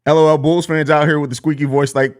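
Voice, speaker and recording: A young man hosts a live sports podcast, reading chat comments aloud. He jokes loosely and swears freely, and his voice sits a touch high for a man. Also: little pitch movement, quick pace, a little mellow. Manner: loose, profane, joking, reads viewer comments. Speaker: podcast host.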